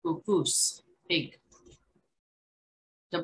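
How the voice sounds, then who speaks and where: A woman leads an online language lesson, saying each word slowly and then saying it again. Her voice is bright and somewhat low, and she comes through a video call. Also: poor audio. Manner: slow, repeats each word carefully, casual asides. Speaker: language teacher.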